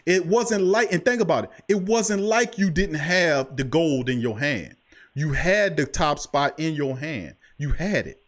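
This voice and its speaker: A man's voice: fairly high pitch, measured pace. A man hosting a sports talk show, speaking in an impassioned, preachy way and repeating himself for emphasis. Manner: preachy, emphatic, repeats "I'm telling you". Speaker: podcast host.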